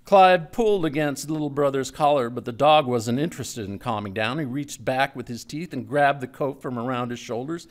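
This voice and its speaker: A man giving a live literary reading of a story, in a measured storytelling manner that drops low and quiet for tense moments. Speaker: writer reading his own story. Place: stage before a live audience.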